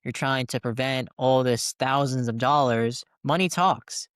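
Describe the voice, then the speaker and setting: Man, podcast host, smooth resonant voice, dry room, explanatory. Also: medium pitch, unhurried, a bit bright, dry recording. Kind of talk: casual interview talk.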